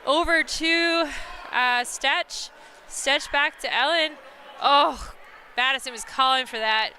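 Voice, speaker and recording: High, bright-voiced excitable woman commentator. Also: slow, slight background noise. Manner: excitable, laughs and exclaims at big plays; chatty, talks to viewers watching online. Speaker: play-by-play commentator. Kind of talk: live sports commentary.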